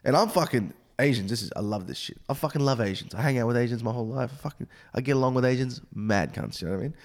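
A young comedian speaks at a middle pitch and swears freely. He tells stories bluntly and with plenty of animation, slipping into quick voices for the people in them. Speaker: comedian guest. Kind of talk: casual podcast chat, storytelling.

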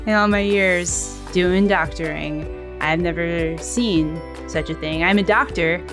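A woman's voice: fairly low pitch, unhurried, music in the background, natural voice. A woman playing a hesitant, rambling, baffled doctor in an improv comedy scene.

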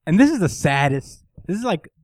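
A man co-hosting a casual manga chat, talking in an animated way, swearing often and acting out characters' lines. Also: on the high side, fairly quick, dry recording. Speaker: podcast co-host recapping manga.

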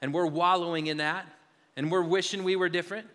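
A man's voice: high-pitched, fairly even intonation, brisk, a bit bright. A male pastor preaching a sermon in an earnest, confessional way, often restarting and repeating his words. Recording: hall reverb.

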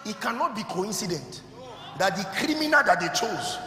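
A man preaching a sermon who keeps asking the congregation if they are listening and climbs into shouted, fervent exhortation. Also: high voice, very animated, moderate pace, slight background noise. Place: large church hall. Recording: echoey hall with music behind.

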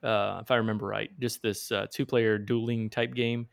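A man's voice: lowish voice, little pitch movement, moderate pace, creaky, smooth. A man co-hosting a board game podcast, talking casually and often restarting his sentences. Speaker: podcast co-host. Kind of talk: casual chat.

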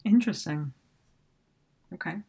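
A woman co-hosting a podcast, calmly explaining points from a book in casual chat. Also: on the low side, a little slow, husky. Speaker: podcast co-host.

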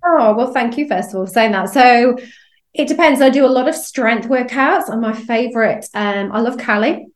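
A woman's voice: a little high, moderate pace, roomy sound. A middle-aged English woman with a bubbly manner, laughing often as she chats as a podcast guest. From England. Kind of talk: casual chat.

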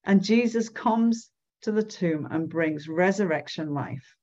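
A woman giving devotional Bible teaching, reading scripture aloud and explaining it slowly. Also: on the low side, expressive, a little mellow, lo-fi sound. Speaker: speaker at a church gathering.

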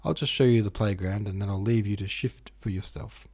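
A man voicing a big, boisterous and hearty male headmaster who talks loudly and jovially. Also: brisk, breathy edge. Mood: booming. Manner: loud, booming, jovial.

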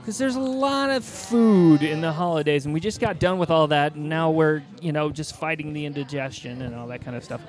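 A male podcast host with a high, light voice. He talks in a loose, playful way and keeps the conversation moving. The chat is casual and friendly. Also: a little fast, few pauses. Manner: playful, upbeat interviewer.

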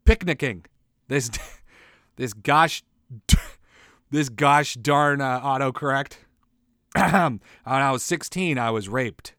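A man hosting his own show, rambling through a loose comic monologue, laughing at his own jokes and saying he is high. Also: takes it slowly, pauses often, sharp tone, clean tone, no echo, clean studio sound. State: says he is high. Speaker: solo show host.

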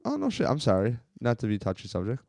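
A man's voice: medium pitch, huge pitch swings, fast talker, gravelly, a little mellow, no echo. A man telling a long, profane, rambling story on a casual podcast, from Western New York. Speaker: podcast co-host.

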